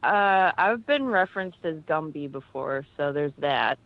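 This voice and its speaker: Woman spinning an animated war story. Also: unhurried, no echo, narrow, tinny audio. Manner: animated storyteller, quotes herself in a high yelp. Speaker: guest, army veteran. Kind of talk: casual anecdote on a podcast.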